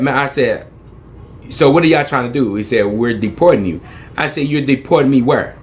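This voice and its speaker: A man's voice: medium pitch, animated, moderate pace. A young man from East Saint Louis, Illinois, retelling a tense story in slangy, emphatic speech, acting out both sides of the dialogue and repeating phrases for weight.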